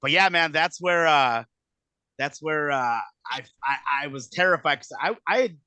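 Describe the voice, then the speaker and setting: A man in his thirties telling a casual story, animated and profane, acting out quotes in exaggerated voices. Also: a little high, measured pace, smooth, no echo. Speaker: podcast guest telling a wrestling story.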